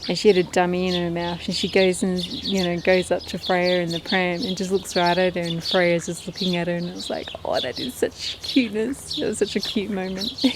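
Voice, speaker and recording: A woman's voice: on the low side, little pitch movement, brisk, background noise. A woman chatting casually to camera about her poultry in a backyard, talking to her birds as she goes. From Australia. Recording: outdoor recording with loud birdsong.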